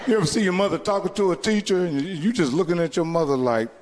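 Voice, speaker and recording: A man from Indiana doing stand-up storytelling, profane and animated, acting out the people in his stories. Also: high voice, quick pace, noisy background. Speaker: stand-up comedian. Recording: live hall recording with long reverb.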